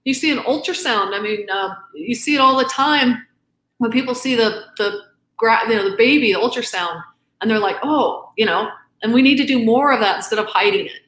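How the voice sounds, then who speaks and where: A woman's voice: a little high, a little fast, fairly bright tone, echoey room. A middle-aged woman giving an impassioned interview as a guest author, earnest and emphatic, acting out both sides of arguments. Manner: earnest, emphatic, quotes arguments back and forth.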